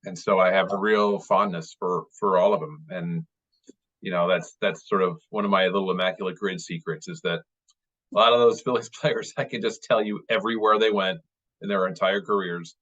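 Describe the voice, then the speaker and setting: Late-40s male guest, deep voice, chatty and rambling, dull video call audio. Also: steady tone, normal speed, a bit bright. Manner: rambling, many fillers and restarts, fond and chatty. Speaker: baseball writer, guest speaker. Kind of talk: casual interview over video call.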